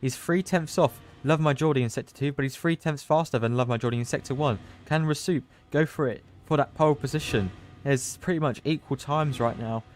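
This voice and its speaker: A man giving live commentary on an online racing qualifying session, chatty and loose, surging with excitement at the big moments. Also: mid-range voice, brisk, faint music behind. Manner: loose, chatty, with restarts and asides. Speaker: race commentator; team manager. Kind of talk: live esports race commentary.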